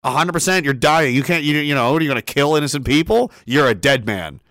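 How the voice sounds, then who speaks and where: Excitable, swearing man ranting on stream. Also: a little high, fast talker, no room sound, clean studio sound. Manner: excitable, profane, laughs often, restarts sentences. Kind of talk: casual livestream rant.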